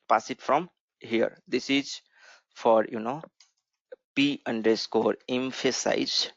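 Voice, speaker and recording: Speaking at medium pitch with no room sound, this instructor walks a class through code on screen, explaining as he goes and asking "right?" again and again. His lo-fi mic gives a dull sound.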